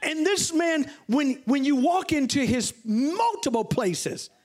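A middle-aged man preaching as a bishop, telling stories with animated delivery and high exclamations. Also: slow pace. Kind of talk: sermon.

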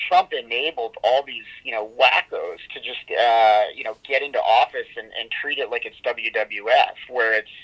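A man giving an interview as founder of an organization, speaking in a halting, conversational way with many fillers and restarts. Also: medium pitch, fairly bright tone, lo-fi sound.

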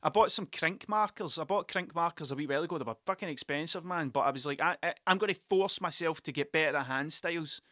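A man's voice: a little high, quick pace, few pauses, pushed and bright, dry recording, clean studio sound. A man, the podcast's host, telling a rambling, sweary and self-mocking story in casual monologue into a desk mic.

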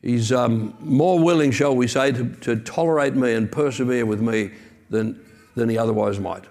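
A man's voice: mid-range voice, moderate pace, a little mellow. A man preaching a sermon as pastor, earnest and emphatic, with conversational asides.

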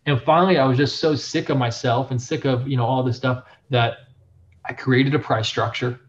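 A young adult man, a print shop owner, telling his story in a casual interview, animated and full of filler phrases. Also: medium pitch, normal speed. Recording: dull lo-fi sound.

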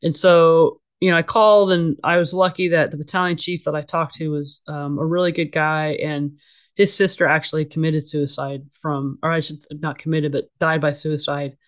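A woman's voice: low-pitched, steady tone, normal speed. A middle-aged woman speaking as an interview guest, telling her own story in plain, candid talk. Her delivery is blunt and casual. She leans on fillers and restarts her sentences often.

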